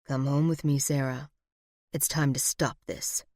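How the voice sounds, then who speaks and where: A woman voicing a manipulative, smooth-talking villainous man in low, soft, menacing tones. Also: steady tone, unhurried, no echo, clean studio sound. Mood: coaxing.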